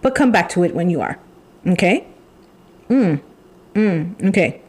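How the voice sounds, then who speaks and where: Slow, emphatic woman reading tarot. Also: fairly low pitch, animated, darkish tone, slightly rough. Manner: slow, emphatic and repetitive, with pauses and sighs. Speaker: tarot reader.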